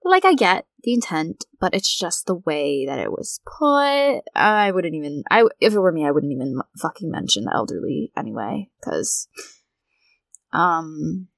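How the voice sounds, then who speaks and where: A woman's voice: low-pitched, sing-song, measured pace, creaky, no echo, clean studio sound. A woman in her twenties, hosting a casual solo podcast, talking candidly and bluntly with frequent swearing. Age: 20s. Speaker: podcast host.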